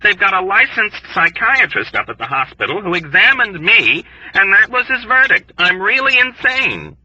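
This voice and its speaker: A man reading an audiobook, voicing a frantic young male airman who shouts and pleads in agitation. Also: sits high, very animated, normal speed, husky, dry recording, highs cut off, voice pushed up, full character voice. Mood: frantic pleading.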